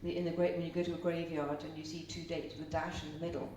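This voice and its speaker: A middle-aged Irish seminar speaker talks fast in a warm voice that sits low, keeping a level tone. Her live talk is chatty and full of stories, and she asks the audience questions. She's far from the mic in an echoey room with a faint hum.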